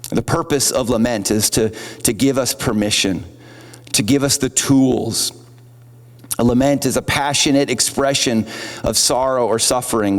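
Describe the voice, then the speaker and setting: Man preaching in a reverberant hall. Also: medium pitch. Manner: earnest, conversational preaching with acted-out quotes. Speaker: pastor. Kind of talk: sermon. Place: church auditorium.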